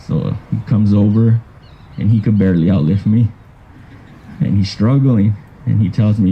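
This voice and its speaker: A man speaking at a cousin's graveside, telling funny memories in a halting way with restarts. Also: lowish voice, dull audio, a little hiss or hum. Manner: halting, with restarts and soft trailing phrases. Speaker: cousin giving a eulogy. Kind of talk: graveside eulogy with anecdotes. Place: outdoors at a graveside.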